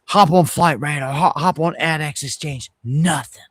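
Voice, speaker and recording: A middle-aged man hosting a casual livestream, telling a story in an animated, heated way and restarting his sentences often. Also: on the high side, measured pace, dry recording. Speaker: host of an independent news livestream.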